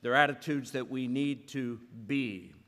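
A man preaching a sermon as a pastor, telling a story in an earnest way and sometimes dropping to a hushed voice. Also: mid-range voice, measured pace. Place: church sanctuary. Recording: echoey church hall.

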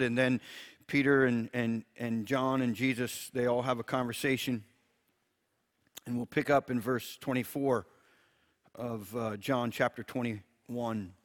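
A man who preaches in a gentle way, reads scripture aloud and chuckles often while he teaches. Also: medium pitch. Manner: gentle, chuckles often, repeats words when restarting.

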